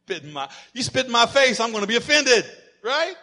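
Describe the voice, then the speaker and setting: A man with a high, bright voice preaches a sermon. He presses his points hard, rising to shouts, and drops in playful asides along the way. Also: sing-song, a little fast, in a large hall. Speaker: pastor.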